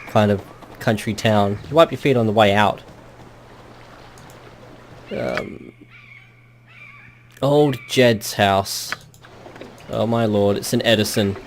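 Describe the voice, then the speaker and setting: A man's voice: fairly low pitch, slow, pauses often, a little hiss or hum. A man giving casual gameplay commentary with dry, wry asides and the odd crude joke. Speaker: let's play host.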